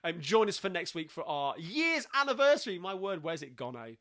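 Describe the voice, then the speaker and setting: A man's voice: high-pitched, very animated, a little fast, a bit bright. A tired man hosting a casual livestream sing-along from home, chatting at a rambling pace with many ums.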